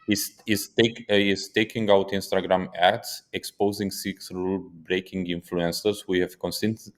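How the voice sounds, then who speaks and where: A man with a very low voice co-hosts a casual podcast discussion. He tells stories with animation and drops curse words for emphasis. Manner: animated storyteller who swears for emphasis. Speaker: podcast co-host.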